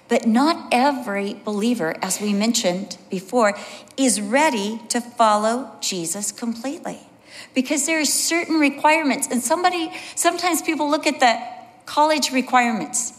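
A middle-aged woman giving a sermon as a Bible teacher, telling personal stories and acting out the quotes. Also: a little high. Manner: personal storytelling with acted quotes. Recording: long hall reverb.

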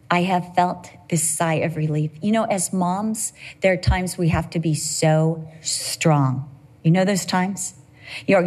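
Middle-aged woman preaching with lively stories. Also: lowish voice. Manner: animated personal storytelling with humor. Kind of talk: sermon.

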